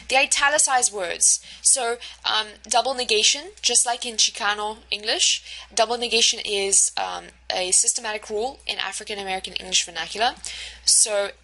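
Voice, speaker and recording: A woman's voice: mid-range voice, sharp tone, low-quality recording. A woman teacher giving a recorded lecture over slides, explaining step by step with frequent fillers and checks like "right?".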